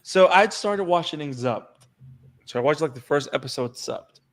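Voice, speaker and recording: A man's voice: on the high side, animated, moderate pace. A man co-hosting an anime podcast, chatting casually and animatedly, often repeating words as he gets going. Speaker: podcast co-host. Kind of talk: casual chat.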